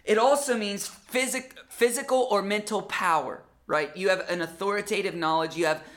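Brief: lively conversational preacher, bright forceful tone, middle pitch. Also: moderate pace. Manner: animated, conversational, acts out quotes. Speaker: pastor. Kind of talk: sermon.

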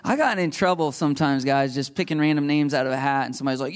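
Joking, conversational preacher with a higher voice. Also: male voice, fast talker, few pauses. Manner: conversational, joking asides, laughs at himself. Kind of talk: sermon. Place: live before a congregation.

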